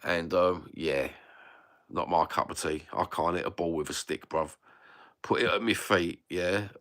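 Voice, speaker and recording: A man's voice: sits low, measured pace, a bit bright. A middle-aged man with a London accent, ranting bluntly and swearing freely while chatting casually to a live audience. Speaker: livestream host reading chat. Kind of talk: casual live-chat rant. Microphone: phone.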